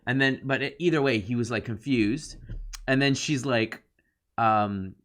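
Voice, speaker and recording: A man's voice: medium pitch, measured pace, a bit bright. A man co-hosting a casual review podcast, retelling scenes at length and acting out lines of dialogue. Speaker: podcast co-host.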